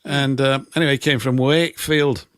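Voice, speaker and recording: A man's voice: medium pitch, fairly even intonation, brisk, fairly bright tone, no echo. A man in his fifties with a Yorkshire accent, co-hosting a casual radio chat and telling rambling anecdotes with dry, self-mocking humour. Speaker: co-host.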